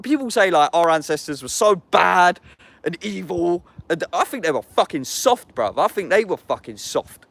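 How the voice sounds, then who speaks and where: A man's voice: sits high, very animated, normal speed, gravelly, fairly bright tone. A young man with an English accent, delivering an angry, profane monologue to camera. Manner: angry, profane, heavy use of slang address.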